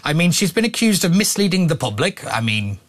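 A man's voice: fairly high pitch, very animated, fairly quick, fairly bright tone. A man hosting a talk radio show, chatting in an opinionated way, reading listener texts and often restarting his sentences. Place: broadcast studio.

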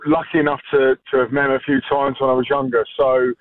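A man's voice: medium pitch, flat delivery, quick pace, slight background noise. Irish man on a tinny phone line. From Ireland. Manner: rambling, many fillers. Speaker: caller. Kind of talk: phone-in anecdote.

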